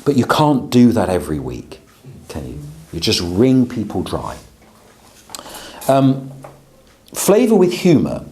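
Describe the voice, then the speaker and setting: Man, pastor, lecturing, low voice, very lively pitch, chatty. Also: takes it slowly, pauses often, slight background noise. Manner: conversational, checks in with "Yeah?". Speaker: pastor teaching preaching. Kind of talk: lecture to a class.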